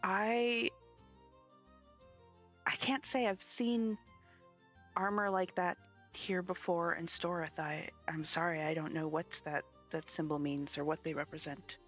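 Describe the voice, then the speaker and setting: A man's voice: on the high side, steady tone, measured pace, long pauses, a bit bright, dull audio, faint music behind. A woman doing a hesitant male flower merchant. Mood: apologetic. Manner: hesitant, stammering. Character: busy male flower merchant, polite, apologetic.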